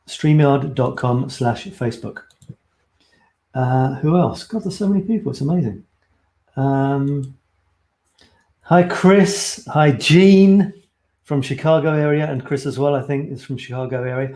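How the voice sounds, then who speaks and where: A man's voice: medium pitch, normal speed, warm tone. A man hosting a casual photo challenge livestream, chatting in a rambling, friendly way and reading out viewer comments. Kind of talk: casual live stream chat.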